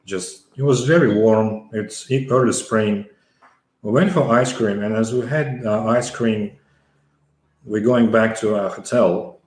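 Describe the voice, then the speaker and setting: Middle-aged man, deep-ish voice, halting storyteller in an echoey room. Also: darkish tone. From former Soviet Union. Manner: halting, many fillers and restarts. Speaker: interview guest, former pro cyclist. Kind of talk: conversational storytelling.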